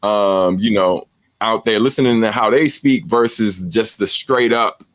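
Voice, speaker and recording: A man co-hosting a podcast, chatting casually over a remote call and telling loose, animated stories full of shout-outs. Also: fairly low pitch, a little slow, no room sound, studio quality. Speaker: podcast co-host. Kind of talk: casual chat.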